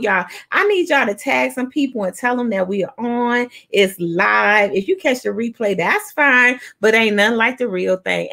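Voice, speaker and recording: A woman hosts a live online talk show, her voice pitched a little high. She talks loud and playful, hyping up her viewers and breaking into bits of song. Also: gravelly.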